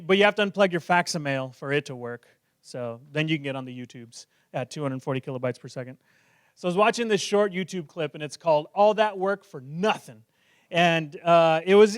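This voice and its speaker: A man's voice: high voice, no echo, studio quality. A male pastor preaching a sermon in a joking, self-deprecating, conversational way.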